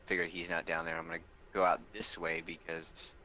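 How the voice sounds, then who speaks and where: A man's voice: low voice, monotone, brisk, a little hiss or hum. A man playing a tabletop game, laying out his character's actions step by step. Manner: plans actions out loud, step by step. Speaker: player.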